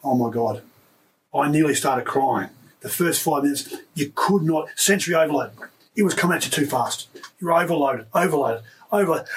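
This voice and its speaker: A man in his fifties, a former rugby league player, telling stories in an interview with emotional, animated delivery and frequent restarts. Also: fairly high pitch, brisk, far from the mic, rough recording. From Australia. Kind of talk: casual storytelling interview.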